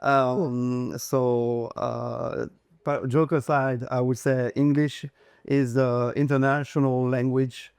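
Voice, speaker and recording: A man in his thirties with a French accent, a real estate agent chatting as an interview guest, hesitant with many fillers and quick to joke about himself. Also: medium pitch, level tone, vocal fry, a little mellow, smooth, no echo, clean studio sound. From France. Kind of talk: casual interview chat.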